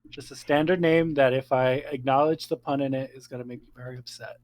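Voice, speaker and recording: A man co-hosting a game stream, joking around in quick, playful banter. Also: mid-range voice, fairly even intonation, darkish tone, dry recording. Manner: jokey, quick, laughs a lot. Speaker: co-host. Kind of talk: casual let's-play chat.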